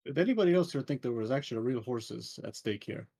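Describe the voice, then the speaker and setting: A man playing in a tabletop role-play game, talking in a halting way as he thinks aloud. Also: mid-range voice, lively intonation, creaky, warm tone, breathy edge. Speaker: player.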